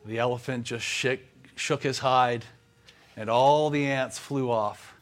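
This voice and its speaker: Man, pastor, sermon, measured pauses, mid-pitched voice. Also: steady tone.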